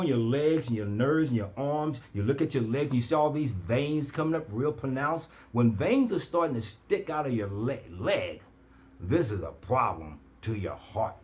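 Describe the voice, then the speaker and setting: A man telling an animated story in a preacher-like cadence, acting out quoted voices with big jumps in pitch. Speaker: herbal oil seller.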